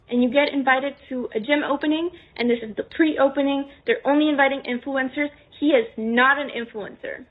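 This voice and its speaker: A young woman casually telling a story in the second person, acting out bits of dialogue. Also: high-pitched. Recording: tinny phone-like sound.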